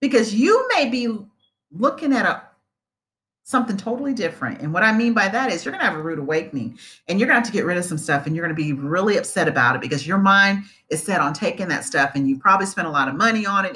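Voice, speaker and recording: Low-voiced woman giving lively advice. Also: quick pace. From United States. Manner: earnest, animated, repeats points for emphasis. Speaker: vlogger giving advice on moving abroad. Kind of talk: casual advice talk to camera.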